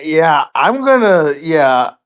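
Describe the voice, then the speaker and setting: Slow-talking hesitant woman player. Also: deep voice, sing-song. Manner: hesitant, laughing, lots of fillers. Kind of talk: casual tabletop game chat.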